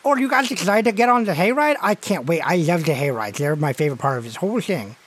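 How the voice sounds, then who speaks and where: Man doing a gap-toothed seven-year-old boy, high and eager, tabletop game. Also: animated, quick pace, a bit bright. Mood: excited. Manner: chirpy, eager chatter.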